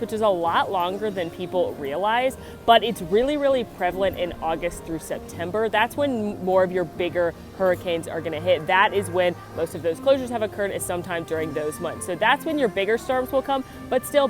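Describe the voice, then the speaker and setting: A woman vlogging in a chatty, enthusiastic way, giving tips. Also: medium pitch. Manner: chatty, enthusiastic, many fillers. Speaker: theme park vlogger. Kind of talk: casual chat.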